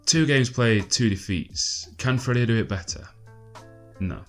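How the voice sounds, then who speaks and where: A man giving casual gameplay commentary, chatty and exasperated, swearing often and filling pauses with ums. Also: mid-range voice, animated, soft background music. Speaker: gaming channel host.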